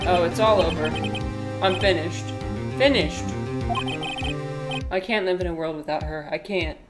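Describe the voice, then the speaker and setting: A woman voicing a distraught young man in a game, loud and over the top in his despair. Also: on the low side.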